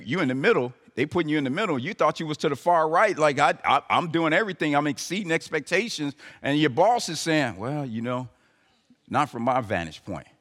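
A man's voice: a little high, a bit bright. A man preaching a sermon, talking to the congregation conversationally with emphatic rising calls. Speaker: pastor. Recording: live sermon in a reverberant hall.

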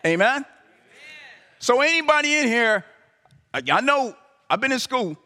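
A man's voice: extremely high pitch, lively intonation, unhurried, pushed and bright. Man, pastor, sermon, conversational asides, long hall reverb. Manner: conversational preaching, asides to the congregation, rising emphatic calls.

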